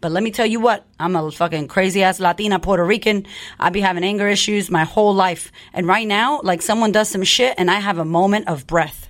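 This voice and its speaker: A woman's voice: medium pitch, brisk. A woman podcast host and coach talking in a blunt, profane, fired-up way in a casual monologue.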